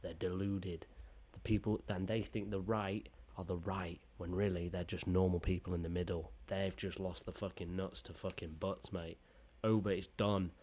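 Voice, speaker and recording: A man's voice: low-pitched, flat delivery, normal speed, few pauses, a little mellow. A man giving sarcastic, profane running commentary as he reacts to video clips.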